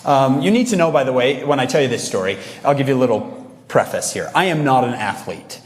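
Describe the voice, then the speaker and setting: Male motivational speaker, lively storyteller with audience asides, long hall reverb. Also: mid-range voice, quick pace. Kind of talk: motivational talk to a young audience. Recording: echoey large hall.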